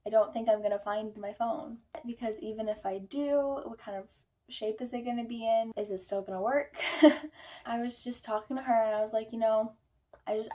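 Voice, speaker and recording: A woman's voice: mid-range voice, warm tone. A young woman telling a storytime vlog, chatty and full of fillers, acting out her own quotes. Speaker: vlogger.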